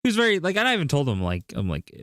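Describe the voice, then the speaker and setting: A man's voice: a little high, wildly swooping pitch, rapid-fire, a bit bright, dry recording, clean studio sound. A man streaming, telling a story in casual chat, rambling and full of fillers.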